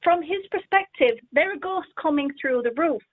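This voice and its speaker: High lady calling in, tinny phone sound, acts out all the voices in her story. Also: moderate pace, dry recording. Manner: animated, acts out the quoted voices. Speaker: caller. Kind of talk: telling a childhood story on a call-in show. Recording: dry tinny phone line.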